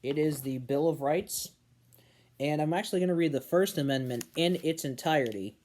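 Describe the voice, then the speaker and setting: A young man from New Hampshire delivers a casual opinion monologue on current politics. His voice sits a little high but sounds mellow and soft-edged. He slows down and punches individual words when he wants a point to land. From New Hampshire, USA. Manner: earnest, emphatic on key words, slows down to stress points. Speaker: political commentary vlogger.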